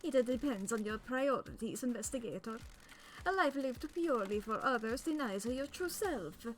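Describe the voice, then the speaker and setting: A woman voicing a grand female architect in a deliberately hammy fake Italian accent. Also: a little high, animated, fairly bright tone, a little hiss or hum. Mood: grandiose. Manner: theatrical, hammy. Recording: game music behind.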